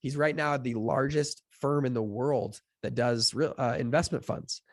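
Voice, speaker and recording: A man's voice: mid-range voice, normal speed, dry recording. Young man, podcast guest; talky, filler-heavy storyteller; dry close sound. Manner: chatty, filler-heavy, acts out quotes with lively voices. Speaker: podcast guest, fund founder. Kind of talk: casual storytelling in an interview.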